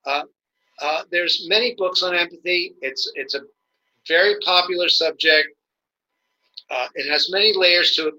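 Being interviewed about communication, this nonviolent communication educator talks haltingly, restarting a lot and acting out the examples he quotes. His voice is a little high with a sharp tone, and the recording quality is poor.

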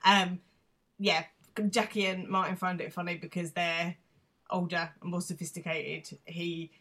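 A woman co-hosts a podcast and chats in an amused, easygoing way. She often stops to explain local references. Her voice sits slightly low for a woman. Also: little pitch movement, unhurried, a bit bright. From Britain. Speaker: podcast co-host. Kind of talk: casual podcast recap chat.

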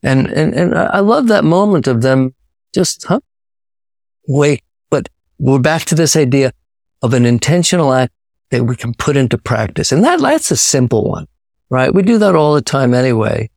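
A man's voice: medium pitch, lively intonation, normal speed, creaky, a little mellow, dry recording, studio quality. A man from New York, speaking as an author and guest in a casual interview, reflective, with frequent restarts. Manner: reflective, many restarts and repetitions.

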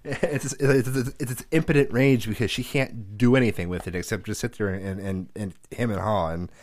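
A man in his thirties tells family stories in a relaxed chat. He swears freely and jumps into the voices of the people he quotes. The sound is close and dry, with no room around it. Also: on the low side, brisk, no echo. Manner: profane, animated storyteller who acts out quotes. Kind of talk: casual storytelling chat.

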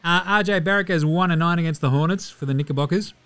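A man's voice: a little high, fast, a bit bright, clean tone. A man with an Australian accent, hosting a casual sports podcast, swearing freely and joking through player stats. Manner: profane, joking, mimics players in asides. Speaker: podcast host.

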